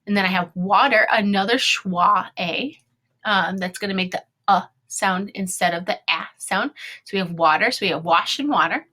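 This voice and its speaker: Bright-voiced woman teaching phonics to kids. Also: mid-range voice. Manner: sounds out words slowly, upbeat and encouraging. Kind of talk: online phonics lesson for children.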